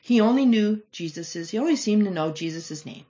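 A woman teaching a Bible lesson with a lively, expressive voice that swings widely in pitch. She reads scripture aloud with real emphasis. The recording sounds a little dull and lo-fi. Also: normal speed.

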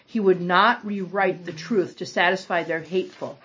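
A woman leading a small-group Bible study, reading scripture aloud and commenting with animated, dramatic emphasis. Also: lowish voice, moderate pace, husky. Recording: dull lo-fi recording.

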